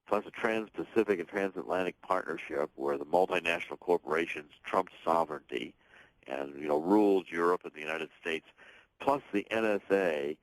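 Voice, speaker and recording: A very deep-voiced man, a guest author and political commentator, speaks at normal speed in a talk radio interview, pressing his points emphatically in long runs with frequent restarts. The recording is dry, close, and rough, with no room sound around it.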